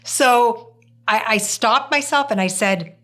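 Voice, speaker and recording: A woman hosting a podcast, chatting casually and telling an animated story in which she acts out what people said. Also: a little high, slow pace. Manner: animated storytelling, acting out quoted speech. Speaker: podcast host.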